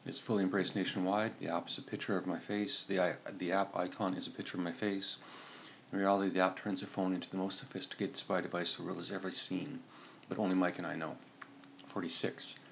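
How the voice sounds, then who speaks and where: A man telling a comedic story in a deadpan, matter-of-fact way, sometimes correcting himself. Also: deep voice, a little fast, creaky, slight background noise. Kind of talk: comedic monologue narration.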